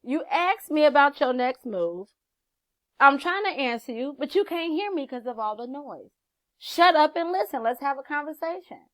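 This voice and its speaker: A woman's voice: sits high, expressive, moderate pace, fairly bright tone, no room sound, voice pushed up. A woman voicing her own intuition as a pushy, impatient inner voice that scolds and insists on being heard.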